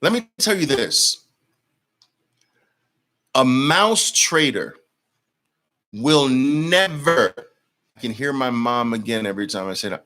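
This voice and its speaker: A man's voice: fairly high pitch, very animated, slow pace, pushed and bright. A man coaching traders in a live-streamed lesson, blunt and emphatic, repeating words for force and answering viewer comments. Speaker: trading coach.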